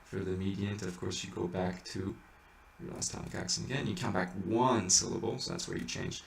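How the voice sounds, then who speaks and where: A man's voice: sits low, fairly even intonation, brisk, creaky, slight background noise. A man teaching how to chant, patiently explaining each step in a casual way. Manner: patient, explains in small steps. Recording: echoey room, distant mic, faint ambience.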